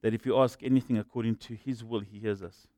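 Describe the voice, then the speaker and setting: A pastor preaching a sermon in an animated, rhetorical way, with humorous asides. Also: male voice, on the low side, fast talker, dry recording.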